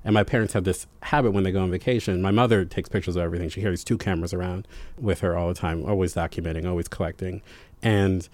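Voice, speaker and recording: A young man tells a family anecdote in a low, dry-sounding voice. He is animated and self-deprecating, breaking into quick impressions of others. The recording is close with no room sound. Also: no room sound. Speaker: guest. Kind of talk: storytelling in conversation.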